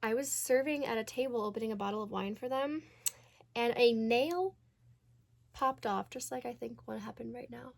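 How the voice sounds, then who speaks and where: A woman's voice: fairly high pitch, moderate pace, creaky. A woman vlogger chatting casually and rambling as she gets ready for an event. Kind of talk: casual get-ready-with-me chat.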